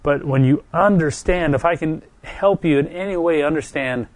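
A middle-aged man preaching a heartfelt sermon, gentle and earnest, often pausing and repeating words, still recovering from a stroke and quick to get emotional. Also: fairly high pitch, no echo.

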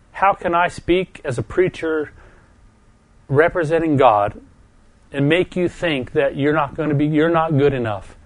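A middle-aged man delivers a heartfelt sermon in a gentle, earnest voice pitched a little high, with no echo. Still recovering from a stroke, he often pauses, repeats words, and is quick to become emotional.

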